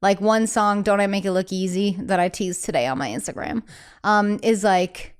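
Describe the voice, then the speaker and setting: Woman, singer, interview guest, smooth clear voice, casual and animated, acts out quotes, lots of "like". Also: mid-range voice, normal speed. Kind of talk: candid casual interview chat.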